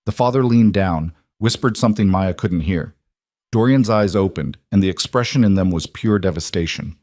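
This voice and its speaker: A man narrating a crime story in a measured, tense scripted read. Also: sits low, a little mellow, no echo, clean studio sound.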